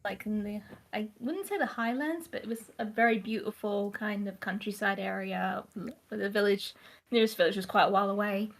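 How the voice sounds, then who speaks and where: A woman chatting casually as a guest on a voice call, telling a story with giggles and quick apologies. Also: medium pitch, vocal fry. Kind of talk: casual chat.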